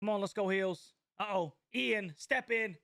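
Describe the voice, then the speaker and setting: A young man from North Carolina hosting a live basketball watch party, reacting to the game in a casual, excitable way and reading viewer comments aloud. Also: sits high, measured pace, vocal fry, no echo, studio quality. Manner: excitable, slangy, chatty, reads chat aloud. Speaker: sports watch-party host.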